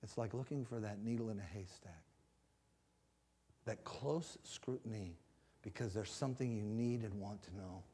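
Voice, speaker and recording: A man evangelist preaching a sermon in a church, swinging from hushed passages to loud rising climaxes and acted-out stories. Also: lowish voice, moderate pace, slightly rough. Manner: storytelling with shouted acted-out cries. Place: church sanctuary.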